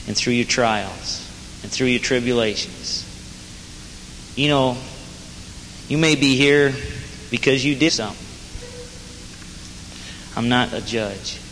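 Man, jail preacher; plain-spoken, earnest sermon, bright tone, reverberant hall. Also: medium pitch, slow, long pauses. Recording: hall reverb with faint noise.

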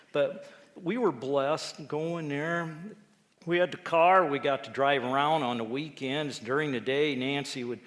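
Animated man in an echoey hall. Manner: animated storyteller, acting out quotes with big jumps in pitch. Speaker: lay preacher. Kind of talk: telling a personal testimony story. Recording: echoey hall with long reverb.

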